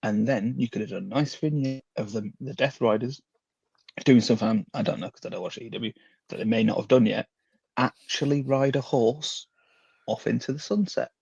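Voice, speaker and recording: A gravelly man with a husky edge rambles through a wrestling idea, swearing freely. His voice sounds dull and lo-fi, dry, with no room around it. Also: mid-range voice, normal speed, a little mellow, dry recording. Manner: rambling, profane storytelling. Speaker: podcast co-host. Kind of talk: casual wrestling podcast chat.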